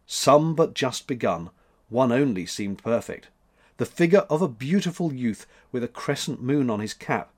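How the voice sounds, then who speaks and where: A man narrating a children's storybook in an expressive way. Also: medium pitch. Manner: expressive, lively.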